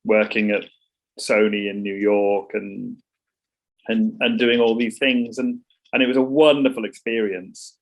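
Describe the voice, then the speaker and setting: Middle-aged man, husky, rambling and restarting, casual guest talk. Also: fairly low pitch, little pitch movement, unhurried, poor audio. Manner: rambling, many restarts and repeats. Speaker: songwriter guest. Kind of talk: casual interview chat.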